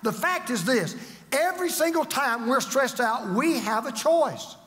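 An older man preaching a sermon as a pastor, dramatic, swinging from loud to hushed. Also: very high-pitched, animated, unhurried, long reverb tail.

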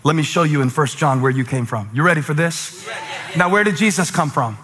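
A man from South Carolina preaching a sermon as pastor, dropping to a hush then building to shouts with repeated rhetorical questions. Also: fairly high pitch, fairly quick. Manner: dramatic preaching, swings from hushed to shouting; rhetorical questions and call-and-response with congregation.

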